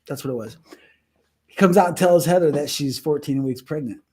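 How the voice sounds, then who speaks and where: A young man with a slightly high voice tells a story on a podcast, jumping into the voices of the people in it. His telling is lively and casual, a co-host talking with his partner. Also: fairly quick, breathy edge. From United States. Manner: animated, acts out voices in stories.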